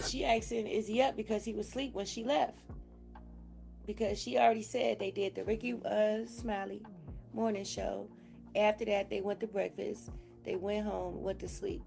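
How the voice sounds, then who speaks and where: A woman's voice: mid-range voice, level tone, moderate pace, creaky, darkish tone, faint music behind. A woman giving casual gossip commentary, laughing often, swearing freely and acting out what people said.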